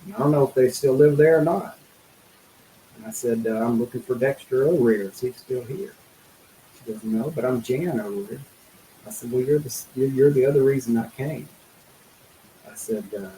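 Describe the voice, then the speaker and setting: A middle-aged man speaking as a guest in an interview, telling a personal story in an earnest, halting way, full of fillers and restarts. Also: mid-range voice, warm tone, echoey room, slight background noise, low-quality recording.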